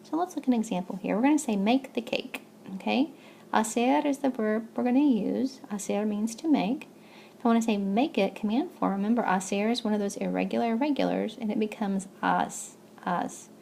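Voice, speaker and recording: A woman's voice: mid-range voice, brisk, vocal fry, warm tone, a little hiss or hum. A woman teaching a recorded language lesson, explaining step by step with patience and checking in with "okay?". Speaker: Spanish teacher.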